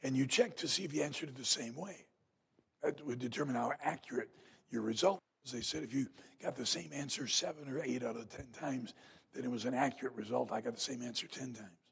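A man preaching a revival sermon in a church, telling folksy stories and rising to loud emphatic peaks. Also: medium pitch, brisk, creaky, husky. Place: church sanctuary.

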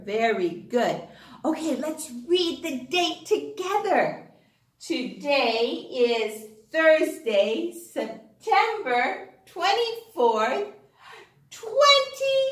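A woman teacher giving a phonics lesson to young children in an animated, sing-song way with excited gasps. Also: high-pitched. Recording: echoey room.

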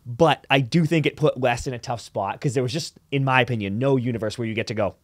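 A man's voice: mid-range voice, dry recording. Blunt man on a dry studio mic. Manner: blunt, frank, quick agreeing interjections. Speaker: podcast co-host. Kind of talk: casual sports chat.

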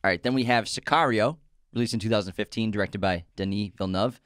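A man in easy, casual chat as a podcast co-host, keen and lively about what he likes. His voice is smooth and clean. The sound is dry and close. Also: fairly low pitch, no room sound. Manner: enthusiastic, talks in quick bursts.

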